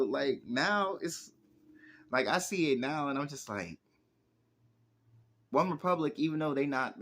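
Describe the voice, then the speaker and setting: A man's voice: mid-range voice, fairly bright tone. A man in his twenties, a music producer and rapper, telling stories in a casual, rambling interview with lots of filler words. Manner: rambling, heavy use of "like" fillers.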